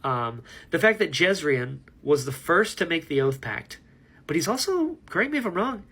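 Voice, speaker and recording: A man's voice: on the high side, very animated, moderate pace, sharp tone, slightly rough. A man talking casually to camera about a book he is reading, rambling and enthusiastic, laughing at himself. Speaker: book vlogger. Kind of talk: casual book reaction vlog.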